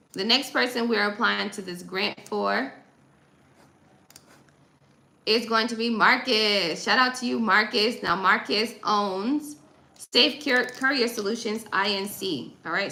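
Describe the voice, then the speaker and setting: Woman livestreaming, gravelly bright voice, chatty, echoey room. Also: mid-range voice. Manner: chatty, talks to chat, reads text aloud. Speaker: livestream host. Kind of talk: casual livestream chat.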